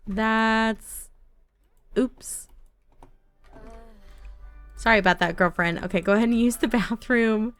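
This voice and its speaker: A woman's voice: on the high side, measured pace, long pauses, clean tone. A woman doing casual, chatty gameplay commentary from her home office, giggling and talking to her game characters. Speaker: gaming YouTuber.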